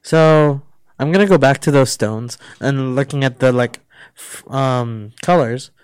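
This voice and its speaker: A man's voice: medium pitch, a little slow, clean tone, no room sound. A man in casual chat, giving short agreeing replies and explaining in a loose, hesitant way. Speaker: co-host.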